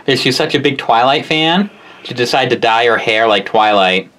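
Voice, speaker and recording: A man's voice: mid-range voice, animated, moderate pace, a bit bright. A man co-hosting a toy review, chatting in a casual, teasing way. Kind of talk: casual chat.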